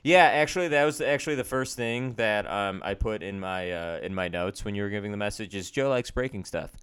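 A man's voice: lowish voice, brisk, a bit bright, smooth. A man co-hosting a casual faith podcast, speaking in a candid, self-deprecating and earnest way. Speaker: podcast co-host.

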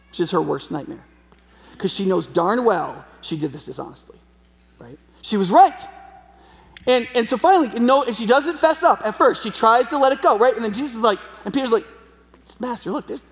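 A man's voice: sits high, animated, fairly quick, creaky. A man preaching a sermon in a conversational way, often checking in with the audience. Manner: conversational, frequent tag questions. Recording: long hall reverb.

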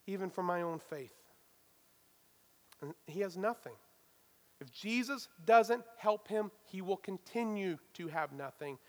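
A man preaching a sermon, swinging between loud emphatic stresses and hushed asides. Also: sits high, big-room sound. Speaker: pastor.

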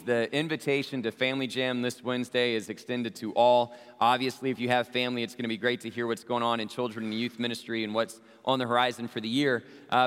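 Earnest pastor in a reverberant church. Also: male voice, medium pitch. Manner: earnest, with frequent "uh" fillers. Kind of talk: prayer and church announcements. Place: church sanctuary. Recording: reverberant church hall with soft music.

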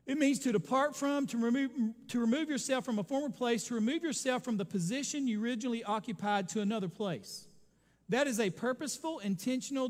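A man preaching a sermon as pastor, with sudden loud surges and drawn-out dramatic slowdowns. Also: high-pitched. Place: church sanctuary. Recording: long hall reverb.

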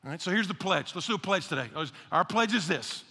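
A male pastor preaching a casual, energetic sermon, repeating phrases for emphasis. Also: high voice, a little fast, breathy edge. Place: church sanctuary. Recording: long reverb of a large church hall.

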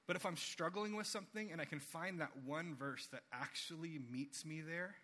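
A man in his thirties preaching a sermon, earnest and conversational, acting out quoted voices with big jumps. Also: moderate pace. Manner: animated storytelling, acts out quotes with big pitch jumps. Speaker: pastor.

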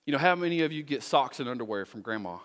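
Guy preaching, chatty sermon, lots of who-can-do-this questions, middle pitch. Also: lively intonation, fast talker, a bit bright. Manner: conversational, rhetorical questions, folksy asides. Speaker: pastor.

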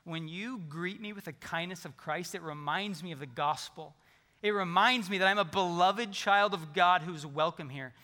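Man, pastor, high bright voice, lively conversational sermon, long church reverb. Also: moderate pace. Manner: animated, conversational preaching with humor. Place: large church sanctuary.

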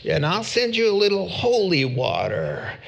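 A man voicing a greedy male TV preacher with a Southern US accent and a wheedling fundraising pitch. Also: wildly swooping pitch, measured pace, vocal fry, dull audio, exaggerated voice.

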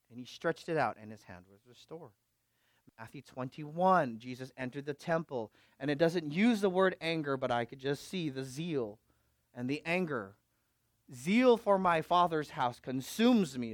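High-voiced emphatic preaching man. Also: no echo. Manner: emphatic, swings from loud exhortation to quiet asides, asks the congregation questions. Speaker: pastor. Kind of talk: sermon.

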